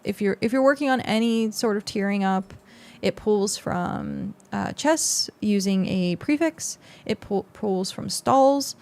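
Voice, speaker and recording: A woman's voice: medium pitch, a little slow, hardly any pauses, darkish tone. A young adult woman streamer chatting casually with her viewers on a close mic, rambling with lots of fillers. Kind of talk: casual livestream chat with viewers.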